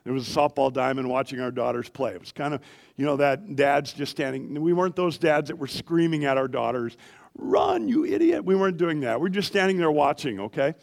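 A middle-aged man preaching a sermon in a church, animated and asking the congregation questions as he goes. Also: medium pitch, brisk, gravelly. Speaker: pastor.

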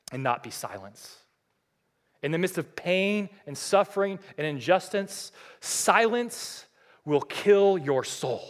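A middle-aged man preaching a sermon as a pastor, earnest and impassioned, swinging between loud emphatic lines and low quiet ones.

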